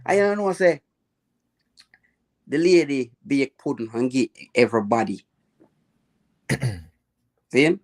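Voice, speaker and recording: A man's voice: medium pitch, slow pace, pauses often. Jamaican man telling stories in patois. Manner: lively patois storytelling, quotes people in raised voice. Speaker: live chat host. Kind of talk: casual storytelling chat.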